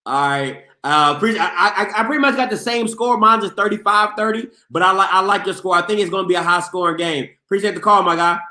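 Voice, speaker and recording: Loud playful man hosting a call-in show. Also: sits high, brisk, hardly any pauses, echoey room. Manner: loud and playful, reads chat aloud, bursts into shouts and laughs. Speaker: sports show host taking callers. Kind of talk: casual call-in show chat.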